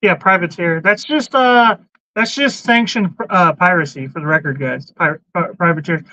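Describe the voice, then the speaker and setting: High, bright-voiced man hosting a podcast. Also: normal speed, no room sound. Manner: blunt, swears freely, jumps between topics. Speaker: podcast host. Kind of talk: casual chat, reading out chat comments. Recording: dull, lo-fi sound, dry.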